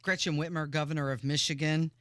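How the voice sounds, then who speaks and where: A man co-hosting a talk radio show, chatting casually and reacting quickly in short replies. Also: on the high side, fairly even intonation, pushed and bright, no echo, clean studio sound. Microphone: studio microphone.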